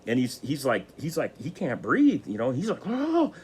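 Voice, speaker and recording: A man's voice: mid-range voice, very animated, a little fast, slight background noise. A man telling a motivational story in a casual, rambling way with many restarts. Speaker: motivational speaker.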